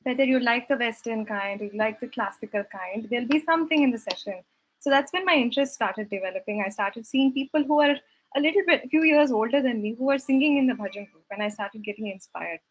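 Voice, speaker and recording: A woman's voice: on the high side, expressive, fast talker, lo-fi sound, a little hiss or hum. A young woman telling her story at a devotional gathering, earnest and reflective, with hesitant restarts. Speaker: satsang speaker sharing her story. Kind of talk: personal testimony talk.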